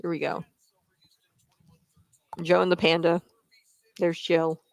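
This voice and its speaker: A man's voice: fairly high pitch, little pitch movement, takes it slowly, vocal fry, dry recording. Sarcastic man hosting a dry commentary vlog. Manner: sarcastic, mocking, full of filler words. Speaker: political commentary host. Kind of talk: casual political commentary vlog.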